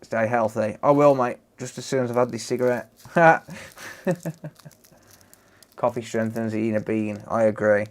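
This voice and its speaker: A man from the Black Country talks through a repair job on a livestream, answering viewers as he works. His voice sits at an ordinary middle pitch. He is relaxed and chatty, and he calls everyone "mate". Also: normal speed, pauses often. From Dudley, West Midlands, England. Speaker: repair streamer. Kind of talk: casual livestream chat while repairing.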